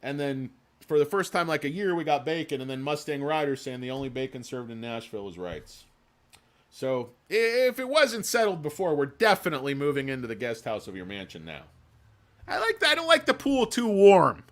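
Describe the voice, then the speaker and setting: A man's voice: mid-range voice, very animated, fairly quick. Guy hosting a stream, rambly and jokey, swears a lot, just chatting. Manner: rambling, joking, profane. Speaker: livestream host. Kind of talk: casual chat.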